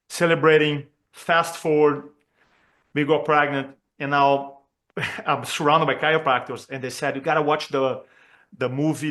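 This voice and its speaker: A man from Brazil, a communication trainer telling a personal story during a talk for chiropractors, earnest and expressive as he acts out the dialogue. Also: a little high. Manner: earnest and expressive, acts out quoted dialogue, with frequent fillers and restarts.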